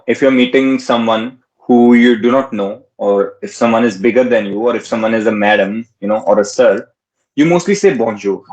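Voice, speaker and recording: A man tutoring in a relaxed way, repeating words slowly and mixing in Hindi phrases. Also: mid-range voice, low-quality recording. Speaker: French tutor. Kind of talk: casual teaching.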